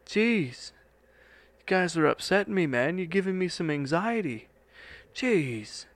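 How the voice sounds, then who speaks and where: A man's voice: sits high, very animated, measured pace, dry recording, pitched above the performer's own voice, exaggerated voice. A man voicing an irate young male fan who rants and curses about a missing episode. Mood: annoyed ranting. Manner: profane, whiny ranting.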